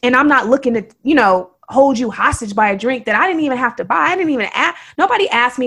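A woman from Oakland with a Bay Area accent, co-hosting a podcast and telling a story in an emphatic, animated way. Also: high voice, fast, few pauses, husky. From Oakland, California. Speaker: podcast co-host. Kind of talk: casual storytelling chat.

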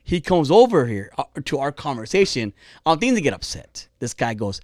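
A man tells a crude, joking story on a podcast. His voice runs a little high and swings widely up and down as he goes. It sounds dry and close, with little sense of the room. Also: very animated, fast, no echo. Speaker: podcast host. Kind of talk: casual podcast chat.

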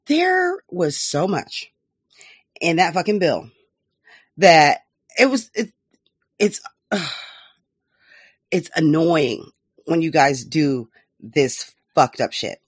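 A woman's voice: deep voice, very animated, slow pace, long pauses, husky, no room sound, studio quality. A woman hosting a podcast, giving casual political commentary in a profane, laughing, mocking way. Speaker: podcast host.

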